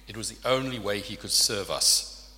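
A man's voice: lowish voice, normal speed, sharp tone. Man preaching in an echoing hall. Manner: earnest, asks the listeners rhetorical questions. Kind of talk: sermon. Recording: long reverb of a large hall.

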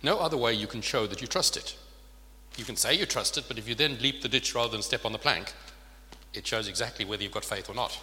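A man with a medium-pitched voice preaches a sermon earnestly, speaking quickly in a sharp tone and often putting rhetorical questions to his listeners. The recording carries the long reverb of a large hall.

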